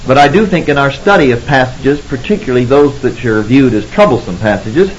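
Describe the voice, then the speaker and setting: A man giving an expository Bible lecture, measured and deliberate, pausing to stress key words. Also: medium pitch, expressive, dull audio, a little hiss or hum. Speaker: Bible teacher.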